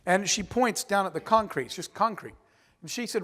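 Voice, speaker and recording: A man giving a keynote speech, telling stories in an animated, conversational way with frequent asides to the audience. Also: sits high, moderate pace. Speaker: keynote speaker. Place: large conference hall. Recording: long hall reverb.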